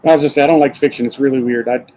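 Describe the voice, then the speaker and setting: A man with a Southern American twang, a distillery owner chatting as a guest on a live-stream interview over a video call, relaxed and self-deprecating. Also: medium pitch, racing, low-quality recording. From South Florida, raised in Alabama.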